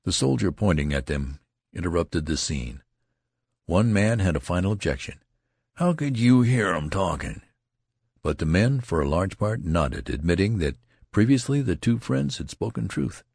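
A man reading a classic novel aloud as an audiobook narrator, expressive and unhurried. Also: sits low, creaky, husky, no room sound, clean studio sound.

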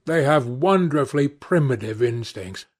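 A man reading the part of a witty, cynical aristocratic gentleman who speaks in languid epigrams. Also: medium pitch, lively intonation, moderate pace, breathy edge.

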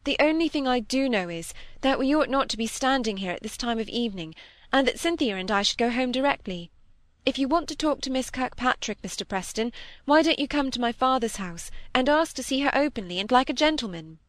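A woman's voice: sits high, animated, brisk, dry recording, voice pushed up. An earnest young woman speaks firmly and reprovingly in a storybook reading, as a woman voices her. Her tone is raised but controlled. The sound is dry and close. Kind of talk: audiobook character reading.

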